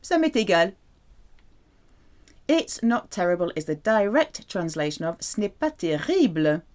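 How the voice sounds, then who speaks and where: A woman giving a language lesson in a playful, animated teaching manner. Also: normal speed. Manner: playful, animated teaching with wide pitch swings. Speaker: French teacher.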